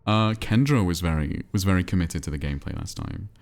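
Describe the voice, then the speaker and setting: A man streaming a cozy game, chatting in a relaxed, rambling way and answering his chat. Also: sits low, brisk. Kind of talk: casual chat while playing a cozy game.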